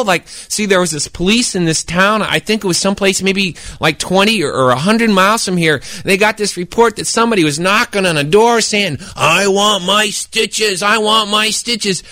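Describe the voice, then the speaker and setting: A man puts on a young boy who stumbles over his words in a rush of excitement. The voice is high and sits close in a dry, dead space. It belongs to a spoken storytelling performance. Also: a little fast, few pauses, no echo. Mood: excited. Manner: stammering, breathless and excited. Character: eager young boy telling a scary tale.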